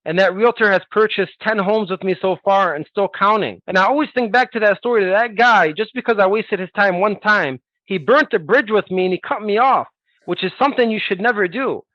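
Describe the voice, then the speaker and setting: A man coaching salespeople in an energetic, persuasive way, acting out sales calls as he talks. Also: high voice, brisk, no echo, highs cut off.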